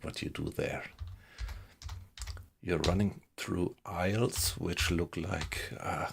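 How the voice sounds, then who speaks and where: A man chatting casually with viewers while he plays a game live from his small home computer room, relaxed and unhurried. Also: sits low, gravelly, noisy background. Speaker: game streamer. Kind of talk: casual live-stream chat while playing.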